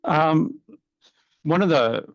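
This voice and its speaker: A man's voice: on the high side, animated, drawn-out words, dry recording, soft background music. A man answering questions as a podcast guest, speaking casually and a little hesitantly with fillers. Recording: dull, dry lo-fi podcast audio.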